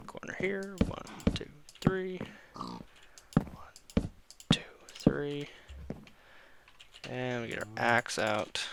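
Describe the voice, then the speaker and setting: A man's voice: lowish voice, vocal fry, background noise. A man casually commenting while playing a building game, rambling, correcting himself and talking to his viewers. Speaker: gaming channel host.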